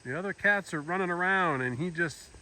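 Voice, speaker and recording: A man's voice: brisk, bright, forceful tone, a little hiss or hum. A man narrating a casual farm vlog outdoors, talking fondly to his animals. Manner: talks fondly to his cats in a high coaxing voice. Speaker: farm vlogger.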